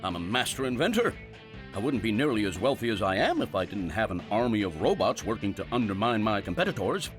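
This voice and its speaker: Giddy rich inventor. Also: male voice, very animated, a little fast, faint music behind. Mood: smug. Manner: swooping pitch, boastful. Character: wealthy eccentric male inventor, smug and giddy. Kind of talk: adult cartoon voice acting.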